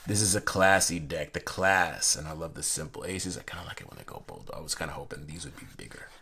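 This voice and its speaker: A man's voice: extremely low pitch, lively intonation, quick pace, vocal fry, sharp tone, slightly rough. A young man chatting casually while reviewing a deck of playing cards, rambling from one story to the next with many fillers and restarts. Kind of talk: casual unboxing chat.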